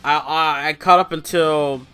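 A man's voice: a little high, steady tone, measured pace, sharp tone, clean tone, faint music behind. A young man casually recapping a wrestling show in slangy, rambling talk full of fillers.

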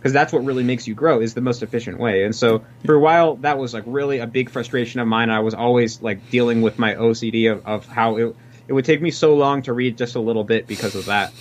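A man chats quickly and casually as the guest of an interview, stumbling through restarts and fillers. His voice comes through dull and lo-fi, as over a video call. The pace is brisk and eager. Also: medium pitch, a little hiss or hum. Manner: fast, filler-heavy, restarts often. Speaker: interviewee, language learning coach. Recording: dull lo-fi audio.

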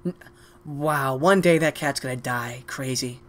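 A man's voice: medium pitch, measured pace, fairly bright tone. A man hosting casual video chats with strangers, talking in a brash, crude, mock-rude trolling way. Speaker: video chat prankster host.

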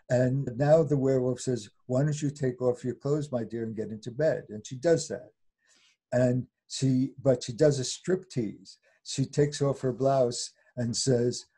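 A man's voice: mid-range voice, mellow, husky. An older man, a scholar guest in an interview, retelling old folk tales with frequent chuckles and small voiced-out lines. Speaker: fairy tale scholar guest. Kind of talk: animated storytelling in interview.

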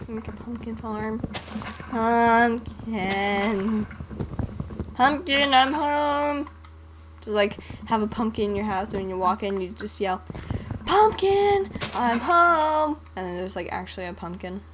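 A woman's voice: medium pitch, level tone, normal speed, noisy background. A young woman giving casual, playful gameplay commentary, often singing and humming to herself. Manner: playful, sings and hums to herself. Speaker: gaming channel host.

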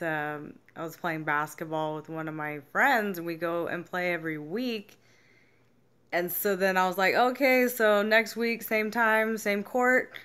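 In a deep voice with a fairly bright tone, a young adult woman vlogs frankly about her feelings. This self-help vlogger's casual monologue is full of swearing and acted-out quotes of what others said to her.

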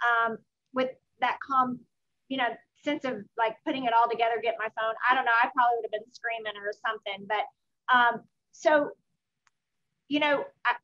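Bright, high-pitched female host, eager interviewer, slightly muffled recording. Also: fairly even intonation, moderate pace. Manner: enthusiastic, addresses viewers directly. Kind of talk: casual interview chat.

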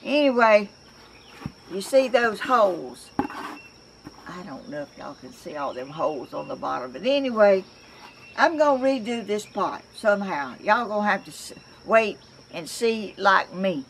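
A woman's voice: medium pitch, very animated, measured pace, slight background noise. An older woman with a Southern accent, chatting to camera in a rambling, homey way as a crafts vlogger, often restarting her sentences, outdoors at home. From Georgia, US. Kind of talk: casual chat to camera.

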